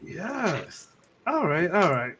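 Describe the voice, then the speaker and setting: A man hosts a relaxed group chat in easygoing slang, laughing often. His voice sits a little high, with a faint hiss in the background. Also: takes it slowly. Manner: laid-back, laughing, slangy. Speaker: podcast host.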